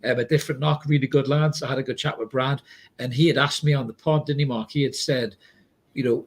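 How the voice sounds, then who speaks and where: A man, co-hosting a podcast, chatting excitably, swearing freely and reading out viewer comments. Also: mid-range voice, fast talker, slightly rough. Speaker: podcast co-host. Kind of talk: casual match reaction chat.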